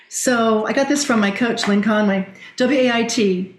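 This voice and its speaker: A woman's voice: medium pitch, measured pace, hardly any pauses. A middle-aged woman, a direct-selling leader, telling stories and coaching advice in a podcast interview, often acting out quoted speech. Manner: animated storyteller, quotes others. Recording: roomy echo.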